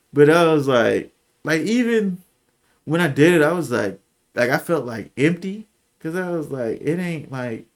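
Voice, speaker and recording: A young man speaks casually and candidly, full of slang and filler. His voice sits at an ordinary middle pitch and drops quiet and soft when the memories get heavy. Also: gravelly. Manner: candid, slangy, lots of "like" and "bro"; emotional, voice drops low and soft when recalling. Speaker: podcast co-host. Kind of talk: casual storytelling.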